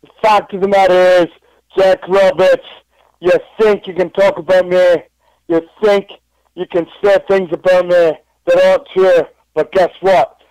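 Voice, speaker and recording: A man's voice: sits high, little pitch movement, a little slow, a little mellow, dry recording, pitched above the performer's own voice, low-quality recording. A man impersonating an angry, protective father and male wrestler cutting a threatening promo. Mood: menacing. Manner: threatening, declamatory promo delivery.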